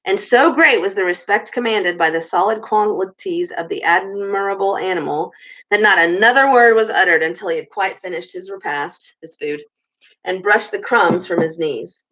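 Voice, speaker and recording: A woman's voice: medium pitch, moderate pace, fairly bright tone, muffled recording. A woman reading a children's book aloud, stopping to comment casually on the story. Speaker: storybook reader.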